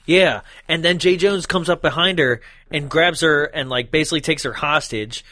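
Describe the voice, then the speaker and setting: A man's voice: a little high, normal speed, sharp tone, dry recording. A man recapping a movie in casual chat, laughing often and acting out characters in exaggerated voices. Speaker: podcast co-host.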